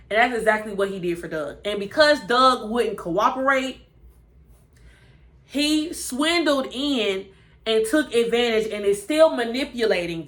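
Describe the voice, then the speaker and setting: A woman giving a chatty, animated recap of a TV episode and acting out the characters' lines. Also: a little high. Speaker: TV show reviewer.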